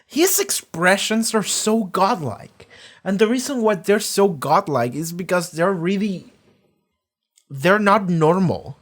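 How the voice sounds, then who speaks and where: A man giving casual reaction commentary on a TV episode. He rambles excitedly and swears freely. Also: high voice, slow. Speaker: TV reaction YouTuber.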